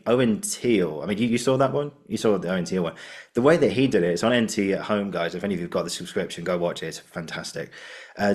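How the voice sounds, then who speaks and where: A male podcast host chatting casually, excitable, laughing often and jumping between thoughts. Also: deep voice. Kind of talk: casual conversation.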